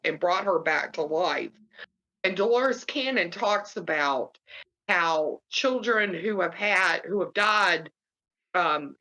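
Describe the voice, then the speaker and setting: A middle-aged woman recounts a personal story in an interview, with lots of ums and restarts. Her voice sits a little low. The recording is muffled and lo-fi. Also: bright, forceful tone. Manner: halting, many fillers and restarts. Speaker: guest. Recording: muffled low-fidelity audio.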